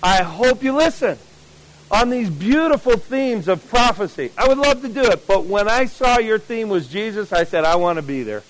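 A middle-aged man from New Jersey, whose accent has mostly worn off, preaches at a camp meeting in a fairly high voice. He talks to the congregation like a storyteller, full of asides and questions. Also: moderate pace, a little hiss or hum, poor audio. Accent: mixed American, mostly lost New Jersey. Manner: chatty storyteller, animated asides to the audience. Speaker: pastor. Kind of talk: sermon.

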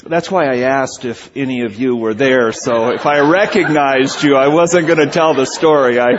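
A man preaching a sermon, telling a humorous story with animated delivery, on a dull lo-fi recording. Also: medium pitch, normal speed, crowd noise.

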